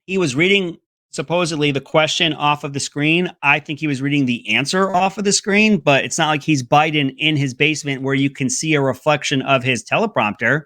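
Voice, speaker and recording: Bright-voiced sarcastic male political commentator. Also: fairly quick, dry recording, clean studio sound. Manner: mocking, breaks into high mimicking voices.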